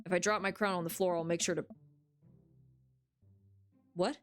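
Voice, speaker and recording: A woman streaming a game in casual commentary, excitable, swearing freely and reading the game's dialogue aloud, over faint music. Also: fairly low pitch, normal speed. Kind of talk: casual let's-play commentary.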